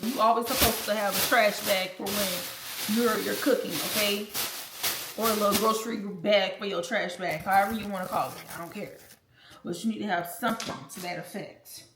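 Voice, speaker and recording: Her voice is medium-pitched with fairly even intonation and a moderate pace. A blunt, foul-mouthed woman in her twenties, she vlogs a casual storytime to her viewers while cooking in her home kitchen. The audio is echoey with loud noise behind her.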